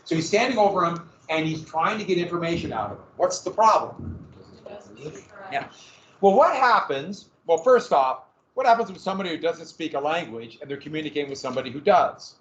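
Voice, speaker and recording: A male history teacher giving a classroom lecture, telling events as a vivid, dramatic story with sudden loud bursts. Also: on the high side, expressive, brisk, far from the mic, slight background noise. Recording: echoey, dull classroom recording from afar.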